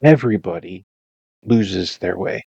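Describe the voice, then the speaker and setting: Guy narrating his game in a slow drawl, kinda rambly and self-mocking, muffled dry recording. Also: deep voice, gravelly, a little mellow, slightly rough, dry recording. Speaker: Minecraft let's-play narrator. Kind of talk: casual gameplay voice-over commentary.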